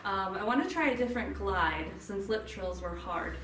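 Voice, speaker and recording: A woman's voice: medium pitch, lively intonation, normal speed, fairly bright tone, a little hiss or hum. Lady speech therapist teaching a voice class, echoey room, mic a ways off. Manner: friendly, demonstrates hums and sounds. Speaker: speech-language pathologist leading a voice workshop. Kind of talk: live workshop instruction. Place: room with a group. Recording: roomy, from a distance, faint ambience.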